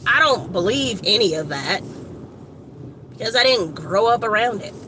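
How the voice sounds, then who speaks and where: A woman from Evanston, Illinois, giving a casual, rambling motivational talk to her phone camera outdoors, slangy and animated with lots of asides. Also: mid-range voice, normal speed. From Evanston, Illinois, USA. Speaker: motivational vlogger. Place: outdoors by a street with shops. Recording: outdoor traffic noise.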